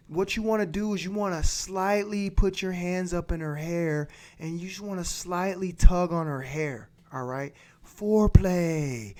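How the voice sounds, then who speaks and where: A man's voice: a little high, a little mellow. A man hosting a livestream, giving blunt, crude advice and repeating his points for emphasis. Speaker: livestream host. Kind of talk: profane advice rant.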